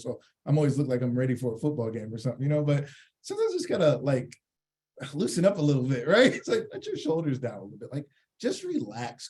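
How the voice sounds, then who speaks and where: A man giving a live online training talk, lively and jokey, acting out little scenes in changing voices and asking his audience questions. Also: a little high. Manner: engages the chat audience with questions. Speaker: workshop presenter.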